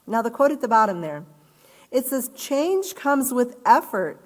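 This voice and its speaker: A woman teacher leading an online class, reading workbook scenarios aloud and acting out the quotes with lively delivery. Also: a little high, unhurried. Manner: animated, reads aloud and acts out quoted speech. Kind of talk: live online class lesson.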